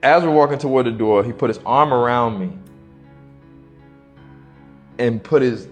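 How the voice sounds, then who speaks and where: A young man, an interview guest, telling a personal story slowly and haltingly in casual slang. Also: mid-range voice, soft background music.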